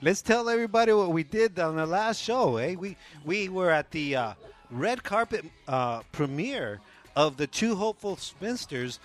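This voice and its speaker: Male co-host, crude jokester, lots of uhs, a bit higher pitch. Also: lively intonation, normal speed. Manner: joking, crude, hesitant with fillers. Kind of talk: casual radio show chat.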